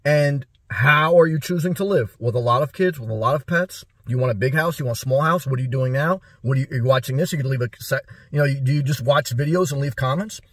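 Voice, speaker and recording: A man's voice: mid-range voice, fairly bright tone, no echo, studio quality. A man vlogging a direct-to-camera advice talk, preachy and repetitive, firing off rhetorical questions. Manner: preachy, rapid rhetorical questions, repeats himself.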